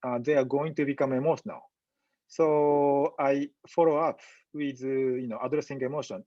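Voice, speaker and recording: A man giving a medical lecture in a webinar, speaking in a halting, measured way with frequent pauses and fillers. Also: mid-range voice, fairly even intonation, mellow, no room sound, lo-fi sound. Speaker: physician lecturer.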